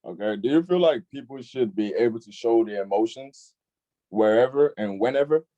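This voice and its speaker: A young man hosting a casual online youth discussion, laid-back and filler-heavy, often agreeing with a quick "facts.". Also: mid-range voice, animated, dark tone, dull audio. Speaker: youth group discussion host.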